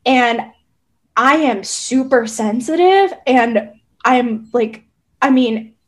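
A woman from Southern Indiana, a therapist guest, talking casually in a soft, rambling way with many hesitant fillers. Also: a little high, animated, slow pace. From Southern Indiana, USA. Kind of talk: casual conversation.

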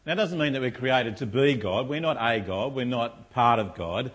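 A middle-aged male pastor preaches to his congregation in a church. His voice is husky and a little breathy, at an ordinary male pitch. He keeps checking in with his listeners through rhetorical questions. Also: animated, normal speed, a bit bright. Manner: rhetorical, asks the congregation "isn't it?". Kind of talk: sermon.

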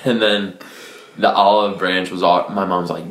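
A man's voice: low voice, measured pace. A young man from New Orleans, a podcast guest telling a story with lots of laughter and acted-out quotes. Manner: animated storyteller, laughs often, acts out quotes. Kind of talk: casual storytelling. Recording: echoey room with faint noise.

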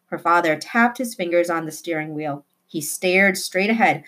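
A woman reading a children's novel aloud with expressive delivery, slowing down for emphasis. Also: on the low side. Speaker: reader.

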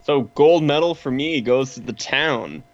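A man co-hosting a podcast in casual chat, relaxed and agreeable, laughing easily. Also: mid-range voice, measured pace. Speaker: podcast co-host. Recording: slightly dull, lo-fi mic.

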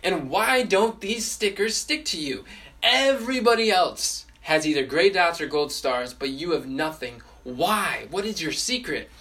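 A man's voice: a little high, sing-song, a little slow, sharp tone, recorded from a distance, heavily acted. A man doing an anxious little wooden puppet boy. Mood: pleading.

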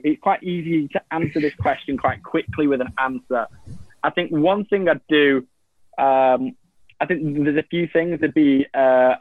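A man's voice: fairly high pitch, no room sound. Rambling young man on a tinny line. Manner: rambling, many restarts and fillers. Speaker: guest. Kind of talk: casual reflective interview answers. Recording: tinny phone-like line, dry.

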